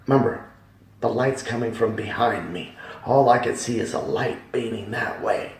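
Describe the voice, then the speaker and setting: A man giving a dramatic Christian testimony, emphatic, swinging from hushed tones to loud ones. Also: mid-range voice, unhurried, gravelly. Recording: echoey hall, voice from far off.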